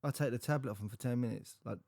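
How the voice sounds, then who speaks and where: A man's voice: medium pitch, very fast, creaky, darkish tone, no room sound, studio quality. A man co-hosting a podcast, telling family stories in casual, sweary chat and imitating relatives. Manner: swearing, storytelling, mimics family voices. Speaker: podcast co-host.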